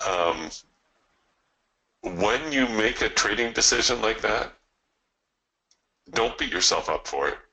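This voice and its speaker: A man's voice: on the low side, vocal fry, pushed and bright, poor audio. A man coaching live trading, talking through his trades in a folksy way with chuckling asides.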